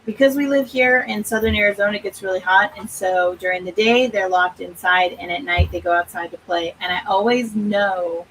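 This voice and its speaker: A woman's voice: medium pitch, steady tone, brisk, hardly any pauses, a bit bright, slight background noise, rough recording. A middle-aged woman hosting a writing-sprint livestream, chatting in an upbeat way and laughing often. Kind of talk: casual live-stream chat.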